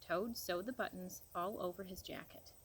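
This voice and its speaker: A woman reading a picture book aloud to a child, gentle and expressive, pausing to ask questions. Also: fairly low pitch, slight background noise, rough recording.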